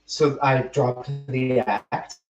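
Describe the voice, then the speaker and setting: A man's voice: medium pitch, fairly even intonation, extremely slow, faint music behind. Young male podcast host, self-mocking storyteller, muffled distant sound. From United States. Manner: rambling, self-mocking, restarts mid-sentence. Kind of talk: casual storytelling chat. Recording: roomy, distant and muffled mic.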